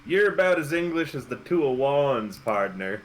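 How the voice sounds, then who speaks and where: A man's voice: medium pitch, big pitch swings, moderate pace, voice pushed down, close to an everyday voice, low-quality recording. Cowboy card dealer, a man putting it on, folksy drawl, faint noise. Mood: teasing. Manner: Western drawl, "partner" and "fella".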